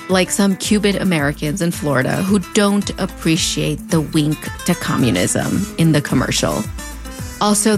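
A woman in her thirties with a Mexican border accent, narrating a scripted commentary in a wry, conversational way with playful asides. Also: deep voice. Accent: Mexican border English. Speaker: video essay host.

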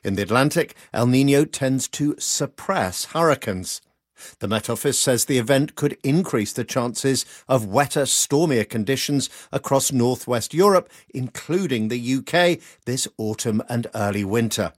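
A man serving as climate editor explains a news item at a steady pace. The voice is mid-pitched and the sound is dry. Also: a little slow, no room sound. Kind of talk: scripted news report.

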